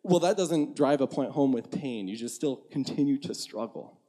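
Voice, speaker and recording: A man's voice: medium pitch, animated, moderate pace, warm tone. A young man giving a sermon in a conversational, candid way, acting out his own inner dialogue. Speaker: preacher.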